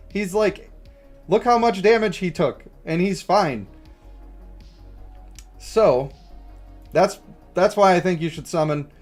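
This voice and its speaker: A man giving casual, joking livestream commentary on a mobile game and greeting viewers. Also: a little high. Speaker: gaming streamer.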